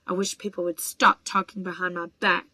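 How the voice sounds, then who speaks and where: A woman's voice: fairly low pitch, level tone, fairly quick, pushed and bright, no room sound. Lady reading a weepy ghost schoolgirl, dramatic n self-pitying, dry close sound. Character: weepy, touchy ghost of a teenage girl.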